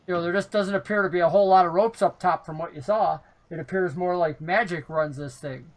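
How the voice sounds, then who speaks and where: A relaxed game master describing a tabletop scene and calling for dice rolls. The delivery is easygoing and chuckling, with plenty of fillers. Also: mid-range voice, fairly quick, low-quality recording.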